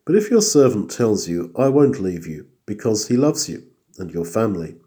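A man with a low, warm, mellow voice delivering an expository sermon. He reads scripture aloud and then explains it earnestly, sometimes acting out people's inner thoughts in a chatty aside. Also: big pitch swings, moderate pace. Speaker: preacher.

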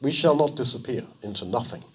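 A man's voice: mid-range voice, husky. A man preaching a sermon, telling the story vividly and acting out the people's words. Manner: animated storytelling, acting out dialogue in quick voices.

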